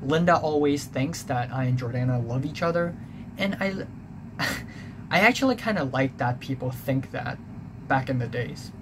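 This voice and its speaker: A man's voice: medium pitch, expressive, moderate pace. A young man telling a personal story in a rambling, confessional way, full of fillers and restarts. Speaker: vlogger. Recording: clear background noise.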